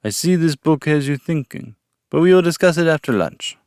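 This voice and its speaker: A man's voice: on the high side, animated, normal speed, vocal fry, a little mellow, clear, resonant tone, dry recording, clean studio sound, pitched above the performer's own voice. A man voicing a lonely, guarded male vampire who has lived alone in a castle for years, speaking warily and defensively. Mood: musing. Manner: defensive, wary.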